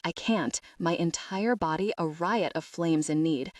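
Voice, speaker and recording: A woman narrating a first-person romance audiobook in a soft, intimate, measured read. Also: lowish voice, no echo.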